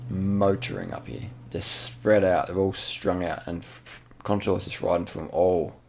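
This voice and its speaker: Gravelly, deep man commentating. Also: moderate pace. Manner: excited, repetitive, swearing, slangy. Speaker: channel host. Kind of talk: casual commentary over race footage.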